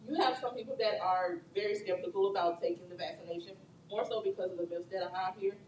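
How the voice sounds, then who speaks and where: A woman who works at a hospital, giving brisk, matter-of-fact health advice in a casual talk. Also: medium pitch, fairly even intonation, darkish tone, lo-fi sound. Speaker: hospital worker and co-host. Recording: roomy, distant mic with faint noise.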